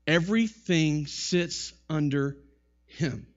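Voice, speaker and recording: Emphatic male pastor with a fairly high voice, lo-fi sermon recording, rhetorical questioning delivery. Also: takes it slowly.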